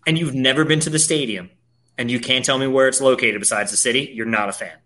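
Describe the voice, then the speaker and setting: A man's voice: medium pitch, fast talker, bright, forceful tone. A man, ranting profanely as a podcast co-host in casual sports chat.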